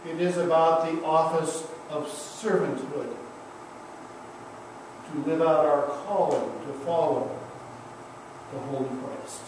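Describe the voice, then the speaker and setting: Male pastor, high voice, slow deliberate sermon delivery, distant mic in a booming church. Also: heavy reverb, noisy background. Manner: slow, emphatic preaching with repeated refrains. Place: church sanctuary.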